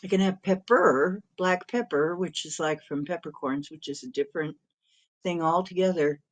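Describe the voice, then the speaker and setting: A woman's voice: on the low side, normal speed. A middle-aged woman hosting a live stream in casual chat, rambling and chuckling often as she reads comments and talks to her cat.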